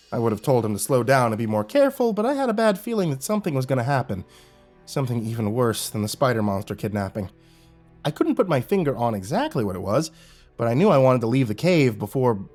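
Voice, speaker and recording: A man narrating a horror story in a steady storytelling delivery. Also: medium pitch.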